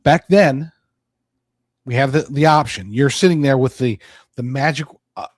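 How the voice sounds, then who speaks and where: A man's voice: mid-range voice, brisk, no echo. A man hosting a podcast, talking in a casual, rambling monologue with frequent restarts. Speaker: podcast host.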